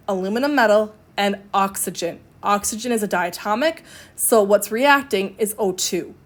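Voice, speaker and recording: A woman chemistry instructor giving a recorded lecture, explaining step by step in a conversational way with fillers and self-corrections. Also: on the high side.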